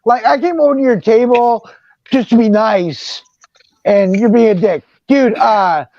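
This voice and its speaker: High-voiced man telling animated stories. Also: a little slow, muffled recording. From Seattle. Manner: animated storyteller, slangy. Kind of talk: casual chat. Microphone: video call.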